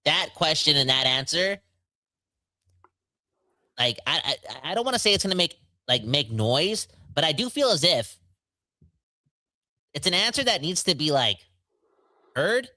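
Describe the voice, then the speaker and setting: Sharp-voiced joking podcast host, dry sound. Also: male voice, a little high, very animated, a little slow, long pauses, no echo. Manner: joking, rambling, filler-heavy. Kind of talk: casual podcast chat.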